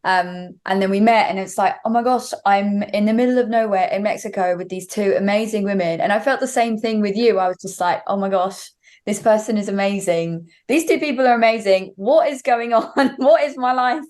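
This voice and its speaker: A woman's voice: mid-range voice, brisk, a little mellow. A young woman singer, a guest on an interview show, telling a story at length with many fillers. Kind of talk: casual interview chat.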